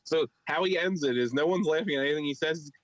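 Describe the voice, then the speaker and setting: The audio here is low quality with no room sound, carrying a man's fairly high voice at a quick pace. With a Philadelphia accent, he co-hosts a podcast and tells a long, rambling, filler-laden story in an animated, casual way.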